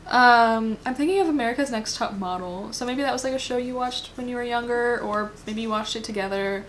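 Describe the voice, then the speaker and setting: A woman with a somewhat high voice gives a casual tarot reading. She rambles, thinks aloud, and fills pauses with ums and likes. A faint noise sits under her voice. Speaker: tarot reader.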